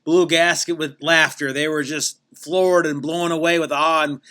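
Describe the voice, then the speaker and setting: Bright-voiced man rambling a tall tale. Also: fairly high pitch, normal speed, hardly any pauses. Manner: meandering, self-correcting, deadpan tall tale. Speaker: podcast host. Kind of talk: rambling comic storytelling.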